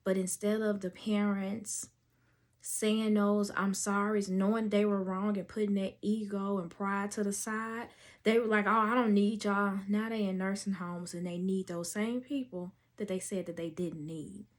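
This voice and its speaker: A woman's voice: mid-range voice, fairly even intonation, darkish tone. A woman podcast host in casual storytelling chat, talking emotionally about her life before telling a nanny story. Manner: emotional, slow and drawn out.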